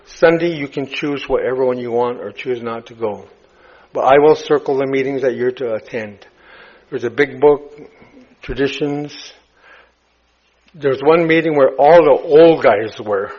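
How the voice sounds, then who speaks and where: A man speaking at a recovery meeting, telling his story in a halting way, full of fillers and restarts. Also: mid-range voice, darkish tone. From United States. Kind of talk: personal recovery story told to a crowd. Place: retreat meeting hall. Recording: dull lo-fi talk recording.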